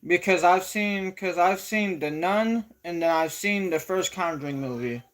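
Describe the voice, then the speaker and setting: A young adult live streamer chats casually at medium pitch and a slightly slow pace. They ramble, correct themself often and swear a lot.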